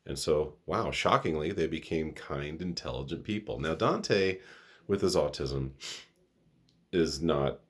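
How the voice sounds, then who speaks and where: A middle-aged vlog host with an extremely low, husky voice speaks unhurriedly in a casual monologue to camera. He's earnest and a little sniffly, rambling, restarting, and correcting himself.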